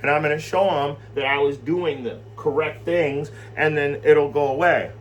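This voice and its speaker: A man teaching scripture in a loose, animated way, rambling and swearing as he tells a story. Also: fairly high pitch, moderate pace, slight background noise. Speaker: Bible study teacher.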